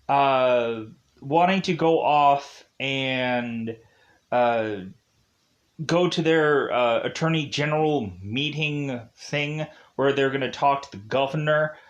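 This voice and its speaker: Guy reviewing a tv episode, kinda high voice, slow and rambly with lots of uhs. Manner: rambling, lots of fillers, laughs often. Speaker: TV show reviewer. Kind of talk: casual spoiler review.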